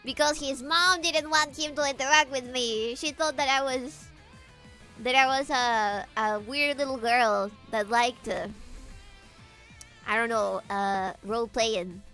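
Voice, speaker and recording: A woman streamer chatting casually with her viewers, animated, laughing often and swearing freely, with faint guitar music behind. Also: sits high, a little slow. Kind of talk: casual livestream chat.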